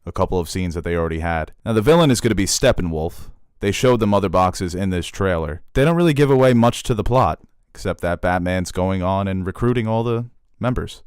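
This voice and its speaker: A man's voice: sits low, a little mellow, clean tone, no room sound, studio quality. A young man co-hosting a casual podcast chat, joking around and riffing. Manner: joking, jumps into silly voices. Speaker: podcast co-host. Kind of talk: casual movie trailer chat.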